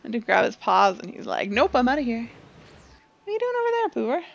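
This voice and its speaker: A woman's voice: fairly high pitch, huge pitch swings, racing, vocal fry. A young woman streaming a game, chatty and playful, talking to her cat, recorded on a desk mic with dull lo-fi audio. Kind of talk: casual game stream chat.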